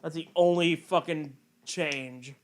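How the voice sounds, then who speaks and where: A man's voice: on the high side, slow, slight background noise. A man streaming a game with friends, cracking crude, sarcastic jokes in casual chat.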